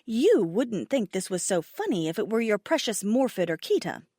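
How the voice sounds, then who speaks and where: A woman's voice: mid-range voice, sing-song, moderate pace, no room sound, studio quality. A woman voicing a proud, furious female dragon queen scolding her mate in an audiobook. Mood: indignant. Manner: sharp, indignant, raised voice.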